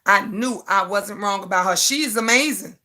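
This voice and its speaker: A woman's voice: mid-range voice, moderate pace, bright, forceful tone. An older woman hosting a livestream, talking bluntly, repeating words for emphasis and reading out viewer comments. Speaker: livestream host. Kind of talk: casual livestream talk.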